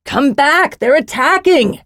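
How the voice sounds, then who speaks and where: A woman voicing a brash, brave young man who shouts to rally others. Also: sits high, expressive, slow, no echo, clean studio sound, pitched above the performer's own voice, exaggerated voice. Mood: shouting.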